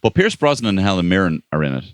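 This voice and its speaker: A man's voice: deep voice, very animated, fast, clear, resonant tone, no echo, clean studio sound. An Irish man co-hosting a comedy podcast, chatting wryly and riffing with playful asides. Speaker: podcast co-host. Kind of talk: comedic casual chat.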